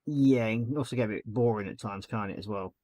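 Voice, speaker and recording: A man's voice: lowish voice, brisk, dark tone, no room sound. A man hosting a casual chat stream, talking while he paints a model and laughing often. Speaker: streamer host.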